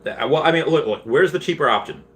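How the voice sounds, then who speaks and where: A man hosts a casual livestream, speaking quickly with lively intonation as he reads viewer comments aloud. He rambles with frequent laughs and restarts, bursting into loud, high put-on voices when quoting.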